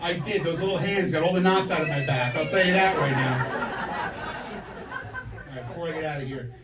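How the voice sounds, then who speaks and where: A man's voice: fairly high pitch, fairly quick, a loud crowd. A man in his forties doing a brash, profane stand-up comedy set, telling punchy stories to the audience on a comedy club stage. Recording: echoey club from a distance, audience laughter. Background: audience laughing.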